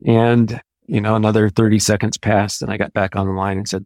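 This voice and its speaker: An American man in his sixties, an Army veteran, telling stories from his service in a measured, anecdotal way. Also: fairly low pitch, flat delivery, darkish tone, no echo. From United States. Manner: measured, anecdotal, with occasional restarts. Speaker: interview guest, Army veteran. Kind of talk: conversational storytelling.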